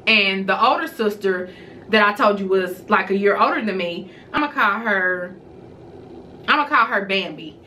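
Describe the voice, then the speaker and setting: A woman vlogger telling a personal story to her viewers in a casual, animated way. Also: mid-range voice, normal speed, slight background noise.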